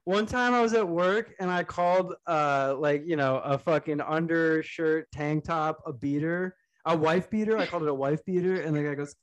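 A young man with a voice a bit higher than most men chats loosely on a comedy podcast. He rambles from joke to joke, swears freely and often breaks into laughter at his own lines. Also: brisk, few pauses. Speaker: podcast co-host. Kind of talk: casual comedic podcast chat.

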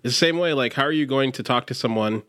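A man's voice: mid-range voice, quick pace, a bit bright, clear, resonant tone, no room sound. A young man co-hosting a podcast, rambling casually and leaning heavily on "like". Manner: rambling, heavy use of "like", frequent restarts. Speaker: podcast co-host. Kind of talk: casual chat.

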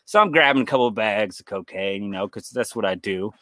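A young man co-hosts a horror podcast in a lowish, sharp-toned voice, speaking briskly with no room sound. In casual chat he rambles through stories, swears frequently, and imitates the voices of people in them.

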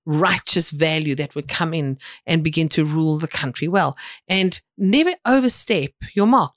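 Middle-aged woman minister, earnest, exhorting, lively storyteller, dry close sound. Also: on the low side, dry recording. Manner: earnest, exhorting, retells events with lively quoted dialogue. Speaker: prophetic minister. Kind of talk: spoken sermon with personal testimony.

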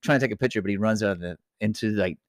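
A man co-hosting a casual film chat, lively and quick to slip into impressions. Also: on the low side, no echo, clean studio sound. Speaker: podcast co-host.

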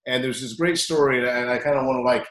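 A man who coaches wrestling tells stories with animated energy, often bursting louder when he acts out what people said. His voice sits at a middle pitch and rings in a roomy echo. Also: very fast. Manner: animated storyteller, acts out quotes loudly. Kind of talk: storytelling interview.

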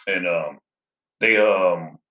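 Male reviewer, very deep voice, rambling casual recap with many fillers, slightly dull roomy audio. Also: extremely slow. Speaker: movie reviewer.

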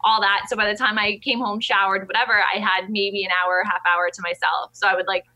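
A woman's voice: medium pitch, level tone, brisk, pushed and bright, rough recording. A young woman from New Jersey chatting casually as an interview guest, telling stories animatedly with lots of fillers. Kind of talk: casual chat.

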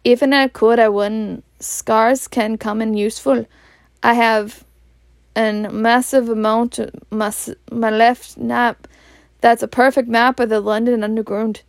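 A woman reading as a calm old Scottish wizard. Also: fairly high pitch, no room sound. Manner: quiet, measured, gentle. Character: elderly male wizard, calm and wise.

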